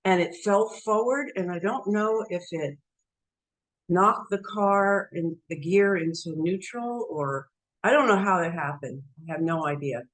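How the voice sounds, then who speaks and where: A woman shares a personal experience slowly and haltingly, circling back over her own words. Her voice sits a little low and unhurried. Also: low-quality recording. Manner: halting, self-deprecating, repeats herself. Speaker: devotee sharing a story. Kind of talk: casual personal storytelling.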